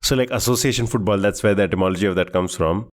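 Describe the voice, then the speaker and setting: A man's voice: lowish voice, rapid-fire. A man co-hosting a quiz podcast, chatting casually, rambling and laughing as he searches for words.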